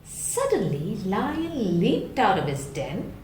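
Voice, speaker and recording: Slow, animated woman storyteller in echoey room. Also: mid-range voice, background noise. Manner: chatty asides to listeners. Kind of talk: reading a children's story aloud.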